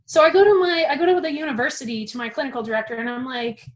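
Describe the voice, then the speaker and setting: A young woman tells a personal story with animated, casual energy and a freely swearing mouth. Her voice sits high, and her telling swings between quiet asides and vivid bursts. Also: very fast, rough recording.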